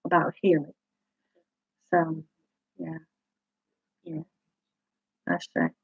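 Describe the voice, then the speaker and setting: A woman's voice: low-pitched, sing-song, drawn-out words, vocal fry, breathy edge, no echo. A woman life coach speaking to her group in a live talk, emphatic and repeating her phrases for weight. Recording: dull lo-fi sound.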